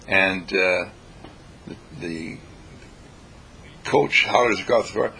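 A man giving a spiritual lecture in an animated way, acting out everyday examples and chanting sounds. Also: deep voice, slow pace, vocal fry, pauses often, slight background noise.

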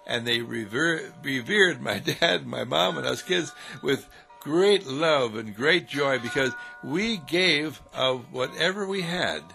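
Male inspirational preacher, gravelly fry, chuckling and repetitive, with soft music underneath. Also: medium pitch, expressive, slow pace. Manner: repetitive, chuckling, sing-song cadence. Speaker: spiritual speaker. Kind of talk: inspirational sermon. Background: faint music.

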